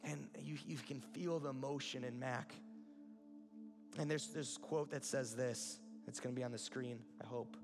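A man's voice: mid-range voice, steady tone, moderate pace, music in the background. A man preaching a sermon in an earnest way, building to emphatic peaks. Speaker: pastor.

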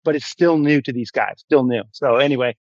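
A man's voice: medium pitch, a little fast, darkish tone, no echo, lo-fi sound. A man, a fitness guest on a podcast, chatting emphatically and telling stories with energy. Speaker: guest, fitness system founder. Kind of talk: casual podcast chat, storytelling.

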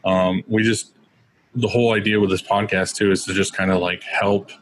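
A man's voice: fairly low pitch, level tone, moderate pace, fairly bright tone, low-quality recording. A man co-hosting a podcast, chatting casually with lots of "like" fillers. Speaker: podcast co-host.

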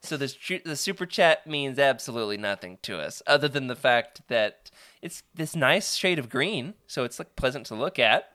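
An upbeat man hosts a live stream, talking to his chat and reading aloud between laughs. His voice is bright and clear, with a lot of swing in the pitch. He sits at a middling pitch. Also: animated, moderate pace, hardly any pauses. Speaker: host.

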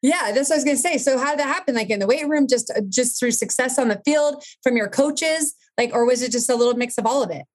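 A woman's voice: high voice, fast talker, hardly any pauses. Woman hosting a podcast, chatty, asks long rambling questions. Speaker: podcast host. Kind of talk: casual interview chat.

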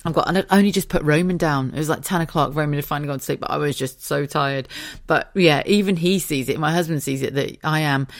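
A woman's voice: sits low, fast, no room sound, studio quality. A middle-aged woman with a candid, self-mocking manner, sounding tired as she hosts a podcast, swearing freely and laughing often. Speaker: podcast host. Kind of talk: candid solo podcast monologue.

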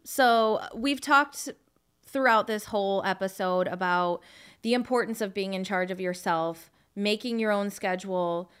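A woman co-hosts a podcast in a casual chat. Her voice sits at a middle pitch and sounds smooth and clear. She lays out her thoughts in an earnest, reflective way. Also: measured pace, fairly bright tone. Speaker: podcast co-host, real estate agent, former property manager.

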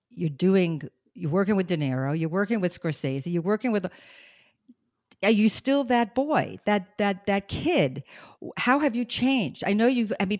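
A woman's voice: fairly low pitch, a little mellow, dry recording, studio quality. A middle-aged woman from Brooklyn hosting a casual interview, chatty and bubbly. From Brooklyn, New York. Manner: chatty, bubbly, breaks into song. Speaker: host.

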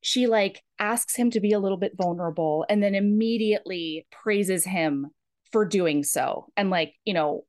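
A woman's voice: mid-range voice, normal speed, darkish tone. A woman hosting a podcast who recaps a novel in a chatty, casual way with many "like"s. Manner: chatty, full of "like". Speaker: podcast host.

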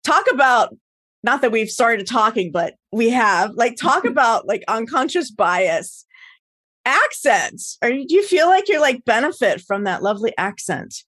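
A woman's voice: a little high, very animated, a little slow, a bit bright, dry recording, clean studio sound. An American woman hosting a podcast interview, chatty and casual, laughing often and swearing freely. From United States. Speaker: podcast host.

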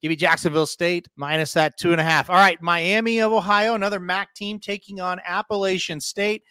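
A man's voice: sits high, steady tone, a little fast, bright, forceful tone, smooth, no room sound. A man hosting a sports betting podcast, running through game picks in a breezy, casual way and asking his co-host for his take. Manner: breezy, leads the picks and asks for co-host's take.

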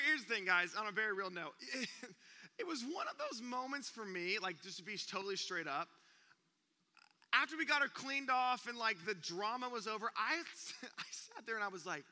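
A young man preaching, an animated storyteller who acts out gasps and sounds during a comic story, speaking in a church auditorium. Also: high voice. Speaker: youth pastor. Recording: long reverb of a church hall.

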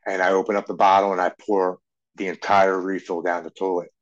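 A man's voice: low-pitched, flat delivery, brisk, dull audio. A man in his forties, a podcast guest telling a personal story in an earnest way, often stumbling and repeating words. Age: 40s.

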